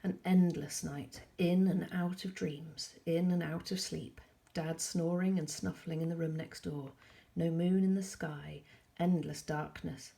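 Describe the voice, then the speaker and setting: A woman teacher reading a novel aloud to pupils, calm and measured, with soft asides. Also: sits low, vocal fry.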